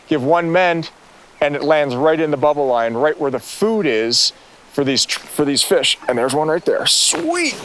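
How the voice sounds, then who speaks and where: Excited man hosting a fishing show. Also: fairly high pitch. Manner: enthusiastic, exclamatory. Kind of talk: excited on-the-water fishing instruction. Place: outdoors on a river, in a boat.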